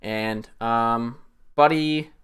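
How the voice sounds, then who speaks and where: A man giving a rambling, swear-filled casual recap of a film he just watched, his voice jumping up when excited. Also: medium pitch, extremely slow, clean tone. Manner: animated, voice jumps up when excited. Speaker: streamer.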